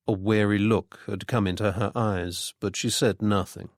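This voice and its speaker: A man giving a measured scripted narration of a mystery audiobook. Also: fairly low pitch, steady tone, dry recording, studio quality.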